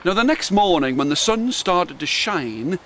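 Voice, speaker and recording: An older man, a grandparent, reading traditional tales aloud as bedtime stories in a soft, animated way. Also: high voice, unhurried, a little hiss or hum. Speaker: grandparent storyteller. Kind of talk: bedtime storytelling.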